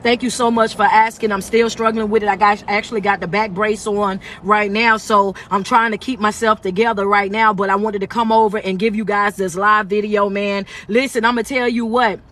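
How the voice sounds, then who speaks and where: A man with a high voice and a sharp, bright tone leads a motivational livestream, talking into his phone. He preaches in a call-and-response way and coaxes his viewers to answer. He builds up to loud, near-shouted points. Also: level tone, normal speed, few pauses. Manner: rising to near-shouting emphasis. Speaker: life coach and motivational speaker. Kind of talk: live-streamed motivational talk.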